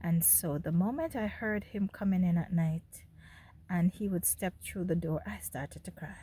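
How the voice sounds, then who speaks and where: A woman's voice: fairly low pitch, normal speed, mellow, a little hiss or hum. Jamaican woman telling her own story. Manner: candid, speaks directly to viewers, laughs between remarks. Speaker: host. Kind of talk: personal storytelling monologue.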